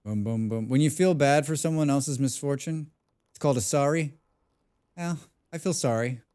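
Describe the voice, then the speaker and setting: A man's voice: fairly high pitch, normal speed, a little mellow. A man casually chatting on a game live stream, humming and mumbling nonsense sounds between remarks. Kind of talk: casual live-stream chat while playing.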